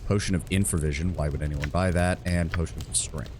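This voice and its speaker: A man's voice: deep voice, fairly even intonation, fairly quick, a little mellow, a little hiss or hum. A man streaming a game, talking through it in a rambling, profane, self-mocking way. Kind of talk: live game commentary.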